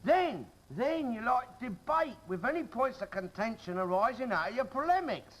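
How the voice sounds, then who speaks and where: An actor playing a bossy, cantankerous middle-aged working-class husband, grumbling and hectoring in a 1960s TV sitcom. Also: male voice, extremely high pitch, big pitch swings, normal speed, slight background noise, heavily acted. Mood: lecturing. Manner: grumbling, hectoring, bursts into shouting. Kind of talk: 1960s television sitcom acting.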